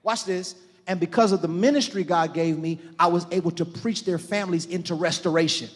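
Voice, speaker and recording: A middle-aged man preaching a sermon to a church congregation, building to shouted fervor and calling out to the crowd. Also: sits high, brisk. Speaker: pastor. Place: large church hall. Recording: live church sermon with long hall reverb.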